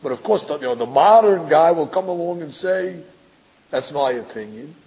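A man's voice: fairly high pitch, lively intonation, a little fast, warm tone, husky, low-quality recording. A man, a rabbi giving a religious lecture, talking emphatically and rhetorically, stammering into restarts and acting out other people's voices. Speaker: rabbi teaching a class.

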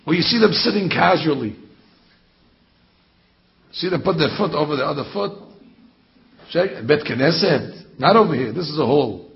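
A man with a fairly high voice leads a rabbi's sermon. He talks in an animated way and mocks his listeners with rhetorical questions. The recording is dull and lo-fi. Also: normal speed, gravelly, pauses often. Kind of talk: Torah class sermon. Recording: dull lo-fi sound.

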